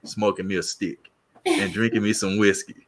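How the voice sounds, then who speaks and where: A man's voice: on the low side, moderate pace, slight background noise. A man in his fifties co-hosting a casual chat, joking and laughing as he tells stories. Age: 50s. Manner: laughing, joking, animated storytelling. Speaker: podcast co-host.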